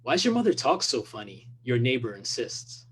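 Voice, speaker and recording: Guy reading his own story out loud, slow and careful, mid-range voice, faint hum behind. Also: medium pitch, sing-song. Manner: measured, deliberate reading. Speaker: author reading his fiction. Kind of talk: literary reading aloud.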